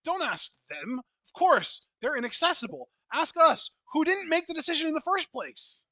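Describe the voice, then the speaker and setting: A man's voice: extremely high pitch, big pitch swings, normal speed, sharp tone, no echo, poor audio. A man co-hosting a casual podcast chat, exasperated and swearing as he mock-quotes listener questions. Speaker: co-host.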